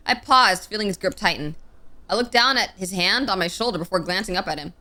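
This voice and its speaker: Bright, expressive young woman reading a game aloud. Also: medium pitch, a little fast. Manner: expressive, with sudden playful outbursts. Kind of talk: dramatic reading with casual asides.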